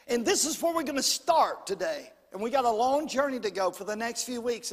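A man preaching a sermon as pastor, calling out to the congregation and rising to shouts at the peaks. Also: extremely high pitch. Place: church sanctuary. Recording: long hall reverb.

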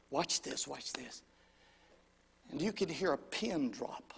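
A male preacher telling a story in a sermon, swinging from shouts to whispers and calling out to the congregation. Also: on the high side, animated, takes it slowly, creaky, pauses often, breathy edge, long reverb tail.

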